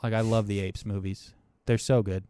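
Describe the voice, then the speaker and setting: A young man co-hosting a casual film podcast, enthusiastic and animated, dropping to mumbled asides and then jumping into excited, high bursts. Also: normal speed, clear, resonant tone, no echo, studio quality. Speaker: podcast co-host. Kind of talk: casual film review chat.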